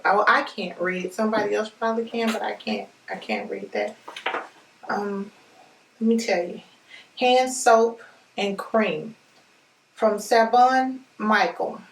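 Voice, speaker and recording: A woman vlogger, chatting excitedly with viewers as she unboxes a package. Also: mid-range voice, a little hiss or hum. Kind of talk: excited casual unboxing chat. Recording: echoey room, voice a bit far from mic.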